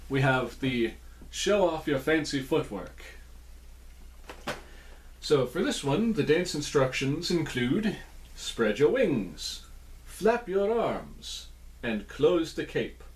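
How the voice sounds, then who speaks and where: A man's voice: on the high side, big pitch swings, slow pace, pauses often. A man reviewing cereal in a casual vlog from a small indoor room, with playful, jokey asides.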